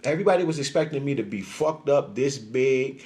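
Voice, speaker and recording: A man's voice: medium pitch, lively intonation, fairly quick, darkish tone. A middle-aged man venting in a casual, profane monologue, often acting out what other people said to him. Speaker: social media creator.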